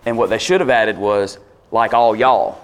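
A man preaching a conversational sermon, explaining a passage in lively, casual speech and acting out quoted voices. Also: fairly low pitch, normal speed. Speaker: pastor.

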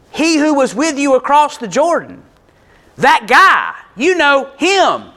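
A man voicing an agitated male disciple who talks fast in slang and repeats words for emphasis. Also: high voice, a bit bright, exaggerated voice. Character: agitated adult male disciple, worried and indignant.

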